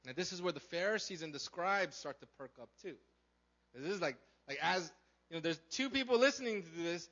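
A man preaching a sermon in a casual, animated way, asking his listeners questions and acting out the characters. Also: sits high, a little fast, muffled recording. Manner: animated, conversational, acts out characters, asks the crowd questions. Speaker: pastor.

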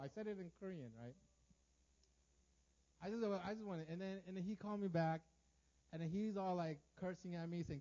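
A man preaching a storytelling sermon to a congregation, animated, swinging from loud outbursts to hushed lines and often stammering and repeating words. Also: sits high, fairly quick, highs cut off.

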